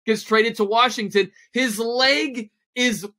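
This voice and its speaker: Bright-voiced, enthusiastic sports talk guest. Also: male voice, very high voice, steady tone, takes it slowly. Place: radio studio. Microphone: studio microphone.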